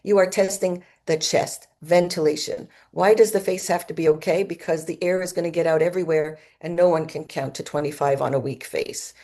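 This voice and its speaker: A woman speaking at a medical conference, her voice low and mellow with a gravelly edge. She explains step by step in a steady lecturing manner and sometimes demonstrates symptoms with her own voice. She speaks into a microphone in an auditorium. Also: a little fast, hardly any pauses.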